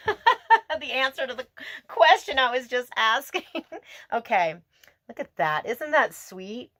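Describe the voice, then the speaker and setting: A woman's voice: on the low side, fairly bright tone, dry recording. A woman giving a casual tarot reading to camera outdoors, gushing and emotional, laughing and musing aloud to herself. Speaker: tarot reader.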